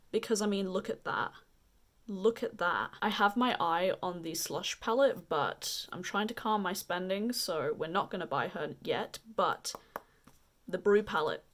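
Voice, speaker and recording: A woman's voice: mid-range voice, unhurried. An enthusiastic woman with a slight accent and a mid-range voice, gushing over makeup in a review vlog. She sounds bubbly and chatty, as if talking straight to her viewers. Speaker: beauty vlogger.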